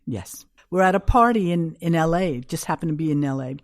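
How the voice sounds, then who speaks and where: Speaking briskly in an expressive, low voice, the older New York guest shares frank anecdotes in an interview and performs the quoted lines. The studio sound is clean, with no room sound at all.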